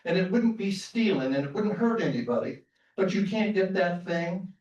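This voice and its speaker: A man's voice: sits high, animated, normal speed, darkish tone, dull audio, voice pushed up. A man doing a pleading old beggar, raised voice. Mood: earnest. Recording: roomy theater sound from far off.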